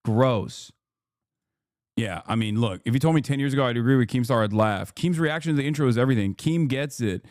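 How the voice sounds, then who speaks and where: A man's voice: medium pitch, brisk, darkish tone, no room sound. Guy on a stream going off, swearing a lot, angry rhetorical questions, mid voice, dead dry sound. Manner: heated, profane ranting. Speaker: streamer reacting to videos. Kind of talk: casual live-stream commentary.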